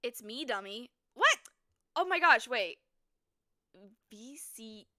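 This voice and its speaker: A woman streaming a story game, reading it aloud and chatting with viewers, quick to burst into excited exclamations. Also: a little high. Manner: excitable, breaks into squeals and exclamations.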